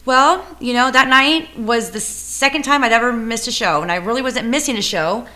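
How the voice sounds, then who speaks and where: A woman's voice: fairly high pitch, moderate pace, bright, forceful tone. A woman who co-runs a music venue telling a story in a casual interview, rambling with fillers and self-corrections.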